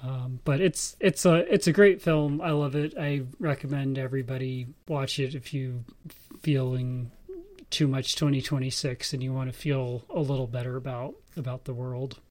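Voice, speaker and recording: A man's voice: mid-range voice, fairly even intonation, moderate pace, darkish tone. A married man on a podcast, rambling enthusiastically and jokingly about a favorite film. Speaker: podcast co-host. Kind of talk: casual film discussion.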